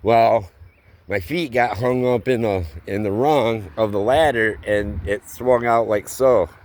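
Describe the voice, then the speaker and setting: A man's voice: fairly low pitch, darkish tone. A man telling a casual, rambling story from his roofing work, with plain everyday slang. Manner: slow, rambling delivery with plain spoken slang.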